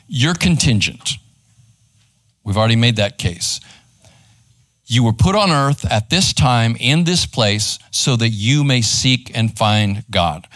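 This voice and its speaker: A man gives a live church teaching in a conversational way. He pauses to ask his listeners "right?" and "okay?". His voice sits at a middling pitch and sounds dry and close. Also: fairly bright tone, no room sound. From Texas. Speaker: pastor. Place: church room.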